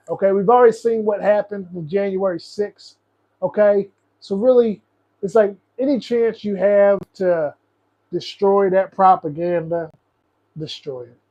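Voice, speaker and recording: A man's voice: sits high, darkish tone, dull audio. A young man hosting a casual political livestream, ranting in a profane, frustrated, rambling way. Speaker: host.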